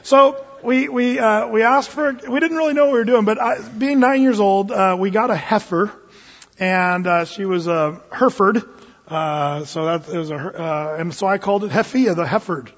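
A man's voice: high voice, normal speed, fairly bright tone. A man preaching a sermon, telling a folksy personal story with lots of fillers and restarts, recorded in a church sanctuary. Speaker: pastor. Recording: dull recording in a reverberant hall.

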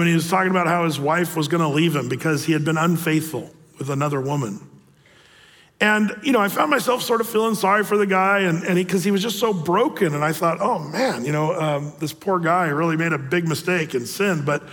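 Man in his 60s, pastor, conversational sermon, high voice, long hall reverb. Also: fairly bright tone. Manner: conversational, storytelling, acts out quotes.

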